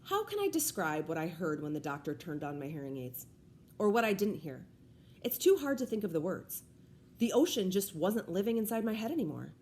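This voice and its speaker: Woman reading a kids book out loud, super lively voice, faint room sound behind. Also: on the low side, fairly quick, a little hiss or hum. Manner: expressive first-person narration. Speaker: reader. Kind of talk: audiobook read-aloud.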